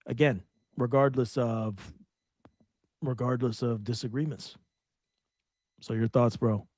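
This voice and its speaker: Man, podcast host, casual reaction commentary, blunt, profane, middle pitch, dry close sound. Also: fairly even intonation, slow pace, darkish tone, no echo.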